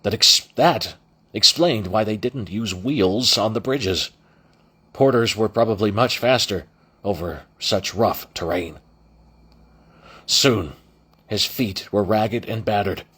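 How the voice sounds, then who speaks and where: A man narrating an audiobook in a low, husky voice. His delivery is lively and animated, with frequent restarts and self-corrections. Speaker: audiobook reader.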